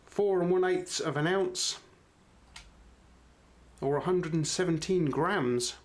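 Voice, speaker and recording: A middle-aged man with a slightly raised voice reviews a knife in a relaxed, unhurried way. He keeps turning to his viewers with friendly asides. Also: fairly high pitch. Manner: chatty, unhurried, addresses viewers as guys. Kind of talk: casual product review.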